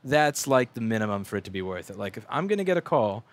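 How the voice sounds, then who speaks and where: A man's voice: fairly low pitch, sing-song, fast. A man hosting a casual livestream from his repair bench, talking bluntly with lots of swearing, fillers and restarts. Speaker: livestream host and repair technician. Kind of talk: rambling casual livestream talk. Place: repair shop workbench.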